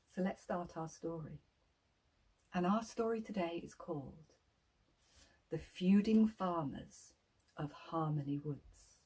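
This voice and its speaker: A woman's voice: mid-range voice, husky. A woman telling a children's story in a playful way, inviting listeners to act along.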